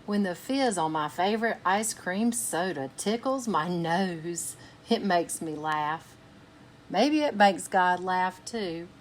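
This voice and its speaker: A woman reads a children's picture book aloud in a slow, unhurried way, with a fairly low voice. She is gentle and stops to put soft questions to young listeners. A faint hiss of noise sits under the recording. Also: expressive. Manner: gentle, asks listeners questions between passages. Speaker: children's storytime reader.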